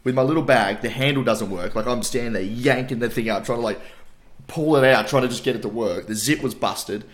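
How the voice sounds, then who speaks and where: An Australian man co-hosting a podcast, telling animated stories in casual chat, swearing and calling his co-host mate. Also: medium pitch, fairly quick. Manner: animated storytelling, swears, says mate a lot.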